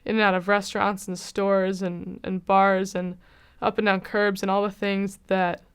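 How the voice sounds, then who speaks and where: A woman's voice: medium pitch, level tone, moderate pace, smooth. A young American woman, a university student, giving a candid, reflective personal testimonial with frequent "kind of" hedges. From United States. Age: young adult.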